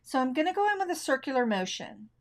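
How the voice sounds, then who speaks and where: A middle-aged woman teaching colored pencil technique on a live stream, talking in a relaxed, chatty way and thinking aloud as she works. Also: sits high, fast. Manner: left-handed. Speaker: art instructor.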